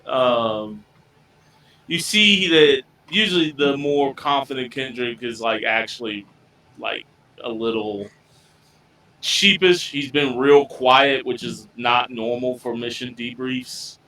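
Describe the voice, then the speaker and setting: A man at a tabletop game, speaking slowly and unhurried. His voice is bright and forward, and he drawls his way in and out of his character. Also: mid-range voice, rough recording. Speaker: tabletop player. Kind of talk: in-character tabletop role-play.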